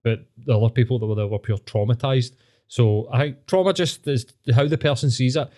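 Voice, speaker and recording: A Glaswegian man co-hosts a loose podcast chat, blunt and quick to swear. His mid-pitched voice is dark, with a mellow, relaxed tone.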